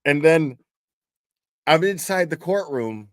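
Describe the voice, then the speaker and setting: A man's voice: on the high side, animated, slow pace, no echo. A man hosting a livestream and telling a story in a loose, rambling, profane way, with restarts and bursts of laughter. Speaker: livestream host. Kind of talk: casual livestream commentary.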